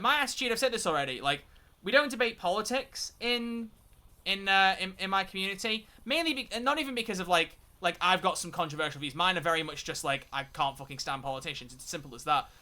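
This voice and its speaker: A man's voice: high voice, expressive, fairly quick, sharp tone. A young man streaming a game, chatting casually, ranting and swearing often, with frequent restarts. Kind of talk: casual live-stream gaming commentary.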